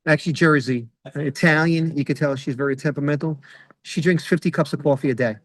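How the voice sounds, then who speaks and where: A man's voice: a little high, steady tone, fast talker, poor audio. A middle-aged man doing a rambling stand-up comedy set over a video call, full of fillers and acted-out quotes. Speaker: stand-up comic.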